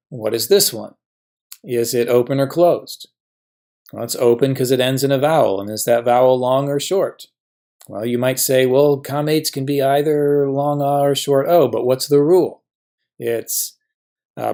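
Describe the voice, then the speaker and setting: A man's voice: medium pitch, a little mellow. A man teaching a grammar lesson, patiently asking questions and then answering them himself. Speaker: Hebrew teacher.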